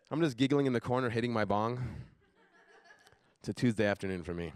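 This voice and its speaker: A young man doing a stand-up comedy set on a live stage, deadpan, dropping his voice low for asides. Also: a little fast, pauses often, clear, resonant tone.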